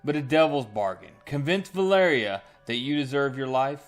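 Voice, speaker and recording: A man's voice: medium pitch, lively intonation, normal speed, faint music behind, close to an everyday voice. A man reading out the lines of a sly, mocking male devil lord in a taunting, offhand way.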